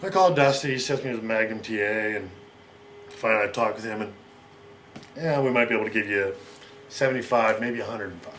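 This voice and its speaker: Middle-aged American man, interview guest, rapid rambling storyteller, faint noise bed. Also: on the low side, fairly bright tone. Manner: rapid, rambling, acts out quoted lines.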